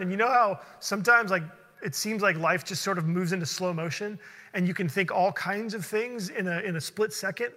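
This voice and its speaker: A male pastor with a high, bright, ringing voice preaches in a church sanctuary. He tells his story with earnest conviction and speeds into excited rushes when it grows tense. A long reverb tail hangs after each phrase. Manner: earnest storytelling, building to fast excited bursts. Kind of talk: sermon with personal story.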